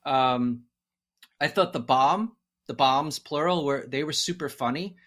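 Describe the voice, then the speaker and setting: A man's voice: mid-range voice, measured pace, fairly bright tone. A man as a podcast guest, chatting casually and hesitantly with many ums. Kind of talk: casual chat.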